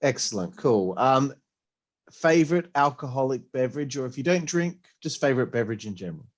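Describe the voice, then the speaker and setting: A man's voice: medium pitch, expressive, brisk. A man hosting a podcast, asking short questions and reacting briefly. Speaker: podcast host. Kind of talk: casual podcast interview.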